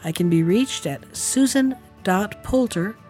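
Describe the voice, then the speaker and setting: A woman hosting a podcast, reading a fairy tale aloud in a measured, clear way. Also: medium pitch, lively intonation, a little mellow, soft background music. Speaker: podcast storyteller.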